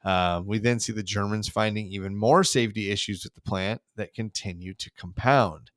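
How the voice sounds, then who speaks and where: A man's voice: lowish voice, moderate pace, fairly bright tone, no room sound, studio quality. A man co-hosting a podcast, recapping a cartoon episode in a rambling, casual way full of fillers. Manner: rambling, filler-heavy retelling. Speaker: podcast co-host.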